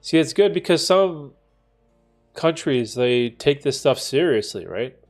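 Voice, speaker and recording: A man's voice: mid-range voice, lively intonation, unhurried. Stuffy-nosed guy on a chill stream, talking to chat, lots of like and right, music faint behind. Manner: reads chat messages aloud and reacts, conversational with many fillers. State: congested, stuffy nose. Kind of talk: casual live-stream chat.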